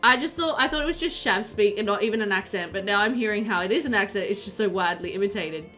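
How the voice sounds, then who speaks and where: A woman's voice: medium pitch, animated, fast talker, a bit bright, soft background music. A woman streamer chatting casually and animatedly with viewers while playing a game, often laughing.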